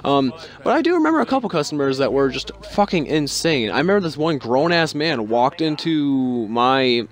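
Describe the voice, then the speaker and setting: A young man vlogs casually about his job, rambling and sarcastic and swearing constantly. He acts out other people with sudden jumps in pitch, so his voice swings widely, though his pace stays normal.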